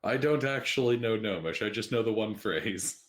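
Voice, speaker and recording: A man playing a tabletop game, stating his character's actions in a relaxed, matter-of-fact way. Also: fairly low pitch, normal speed. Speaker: player. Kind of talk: casual tabletop game play.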